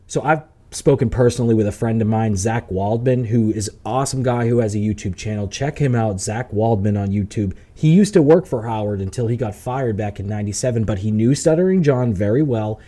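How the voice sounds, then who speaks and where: A man's voice: lowish voice, brisk, few pauses, warm tone. A man hosting a show, commenting on clips with profane, mocking laughter. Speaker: show host.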